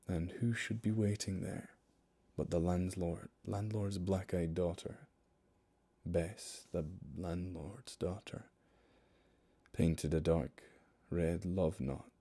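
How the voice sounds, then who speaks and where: A young man reading a narrative poem aloud on a livestream, slow and hushed, drawing out the dramatic lines. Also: sits low.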